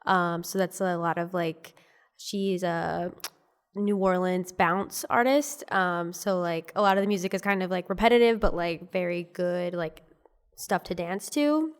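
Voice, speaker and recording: A woman's voice: on the low side, unhurried, smooth. A woman comedian guesting on a podcast in a studio, chatting casually with lots of fillers. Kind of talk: casual chat.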